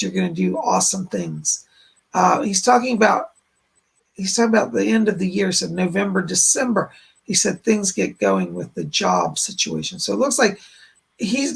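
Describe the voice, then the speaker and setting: A man hosts live-stream psychic readings in a gravelly, husky voice that sounds worn out and hoarse. He passes on spirit messages in repeated "he said" phrasing. He thanks his viewers warmly and often. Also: sits high. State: hoarse, voice giving out. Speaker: psychic medium, stream host.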